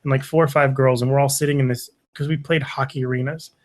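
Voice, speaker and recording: A man appears as a guest on a podcast, telling a story in casual conversation with an animated style. He acts out what other people said and swears often, speaking fast at a medium pitch.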